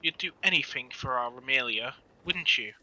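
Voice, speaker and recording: A man reading as a deadpan woman mage. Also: mid-range voice, normal speed, voice pushed down, low-quality recording. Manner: flat, deadpan delivery. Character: dry, monotone woman mage librarian. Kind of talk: casual fan story reading.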